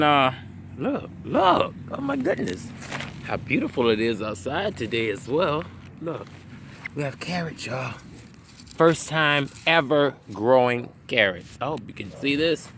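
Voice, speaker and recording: Excitable man vlogging outdoors. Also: mid-range voice, a little hiss or hum. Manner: excitable, chatty, keeps saying "y'all". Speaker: gardening vlogger. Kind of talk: casual vlog to camera. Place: outdoors by a porch garden.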